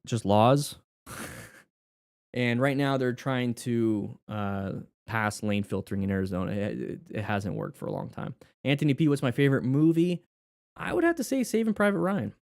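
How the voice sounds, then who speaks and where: A man's voice: medium pitch, lively intonation, normal speed, a little mellow, dry recording, studio quality. Rambling man answering live-stream chat. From United States. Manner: rambling, self-correcting, thinks aloud. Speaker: motorcycle instructor hosting a live stream. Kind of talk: casual live-stream Q&A, reading viewer questions.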